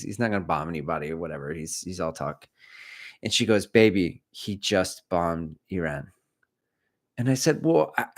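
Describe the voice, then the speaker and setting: A middle-aged man hosts a casual running livestream. His voice sits a little low, and he rambles from topic to topic, cracks dad jokes and reads viewers' comments aloud. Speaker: running channel host.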